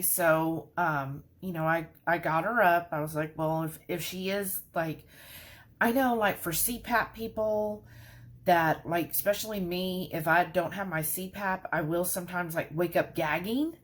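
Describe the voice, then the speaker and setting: Lady rambling on to her viewers, kinda low voice, lots of y'all. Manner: chatty, rambling, says "y'all" often. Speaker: vlogger. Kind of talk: casual chat.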